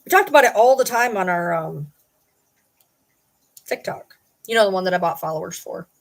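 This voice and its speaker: A woman's voice: fairly low pitch, lively intonation, moderate pace. A middle-aged woman hosting her own vlog, talking casually and ranting at viewers in an indignant, sarcastic, challenging way. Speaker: channel host.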